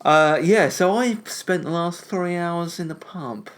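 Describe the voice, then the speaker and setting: A man's voice: on the high side, a little slow. A tipsy man co-hosting a casual podcast, slurring his words a little and rambling in loose, chatty talk. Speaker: podcast co-host.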